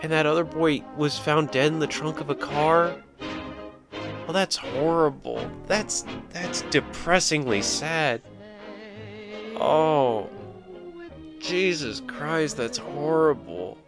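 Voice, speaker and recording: A man's voice: a little high, takes it slowly, music in the background. A young man commentating a sad game as he plays, tearful and rambling, with jokey asides. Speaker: gamer. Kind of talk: let's-play commentary.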